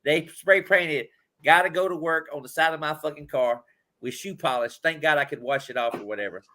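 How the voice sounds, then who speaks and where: A man's voice: fairly high pitch, brisk, bright, forceful tone. A man from Indianapolis hosting a podcast, telling rambling, profane sports stories in casual chat. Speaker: podcast host.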